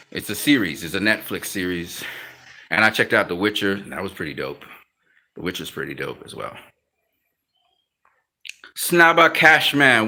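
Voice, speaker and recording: A man's voice: lowish voice, bright, forceful tone. A man hosting a casual live-stream chat, talking in laid-back slang, laughing often and trailing off mid-sentence. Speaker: YouTube channel host.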